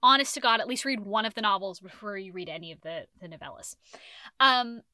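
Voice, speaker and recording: Animated, bright-voiced woman podcaster. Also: mid-range voice, brisk, no room sound. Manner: rambling, animated, swearing, with self-corrections and laughs. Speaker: podcast co-host. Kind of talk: casual book podcast chat.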